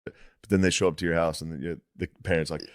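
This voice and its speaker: Brief: man, lowish voice, podcast co-host, laughing sidekick with crude riffs. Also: flat delivery, quick pace. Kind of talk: casual comedic chat.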